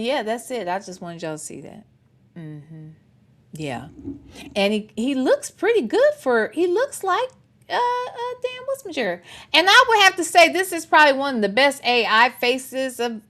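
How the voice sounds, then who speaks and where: A woman in her forties giving casual, chatty commentary and talking straight to her viewers. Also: a little high. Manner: chatty, animated, talks to the chat directly. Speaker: commentary streamer.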